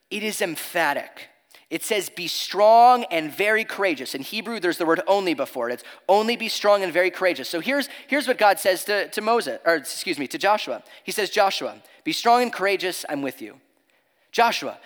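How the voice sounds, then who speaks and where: A man's voice: sits high, a bit bright, in a large hall. A man preaching a sermon as pastor, earnest and emphatic, reading scripture aloud.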